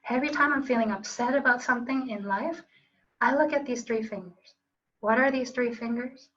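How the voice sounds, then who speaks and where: A woman's voice: fairly high pitch, dull audio. A woman teaching a qigong class online, coaching students in an upbeat, playful way with call-and-response phrases. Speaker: qigong instructor.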